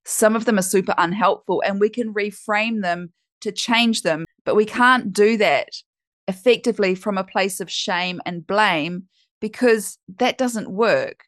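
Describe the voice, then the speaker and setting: A woman's voice: mid-range voice, no room sound, clean studio sound. A woman hosting a podcast as a coach, talking in a candid, chatty way and swearing now and then. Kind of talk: casual podcast monologue.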